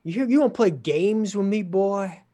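A man's voice: sits high, animated, a little slow, warm tone, pitched above the performer's own voice. A man putting on a menacing stern judge. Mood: threatening. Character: impatient stern older male judge.

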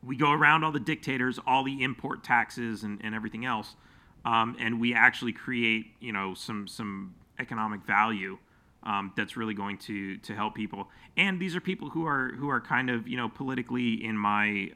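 A man's voice: fairly low pitch, fairly even intonation, pushed and bright. A man hosting a podcast, talking casually with many ums and restarts. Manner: halting, many fillers and restarts. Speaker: podcast host.

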